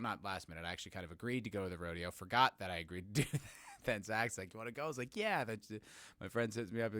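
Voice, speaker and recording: A man's voice: mid-range voice, sharp tone, no echo, studio quality. A man hosting his podcast as a casual live-stream chat, rambling and joking and greeting chat viewers by name. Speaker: podcast host.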